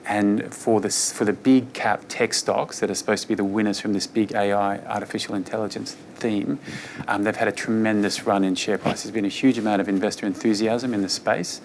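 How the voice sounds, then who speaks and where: A fund manager, a man, giving an investor presentation on markets in a relaxed, conversational way with frequent fillers. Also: on the low side, fairly quick, gravelly, a little hiss or hum.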